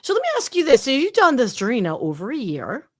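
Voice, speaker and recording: A woman co-hosting a casual podcast, talking in a chatty, animated way with lots of fillers. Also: on the high side, fast talker, no room sound, studio quality. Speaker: podcast co-host. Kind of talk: casual chat.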